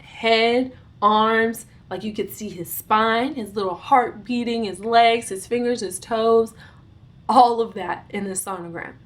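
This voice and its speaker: A young adult woman vlogger telling a storytime, recounting events in an animated, dramatic way with bursts of giggling. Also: on the high side, unhurried. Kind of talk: storytime vlog.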